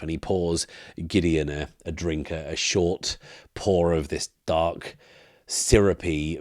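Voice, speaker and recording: Host narrating a solo tabletop game, thinks aloud as he goes; very deep voice, dry close recording. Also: a little mellow, dry recording. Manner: thinks aloud, with fillers and restarts.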